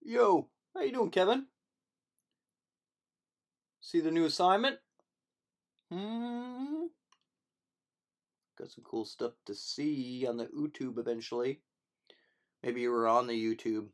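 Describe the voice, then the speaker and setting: A man's voice: medium pitch, animated, measured pace, long pauses. A man, a film teacher, chatting playfully and rambling through a casual livestream to his students.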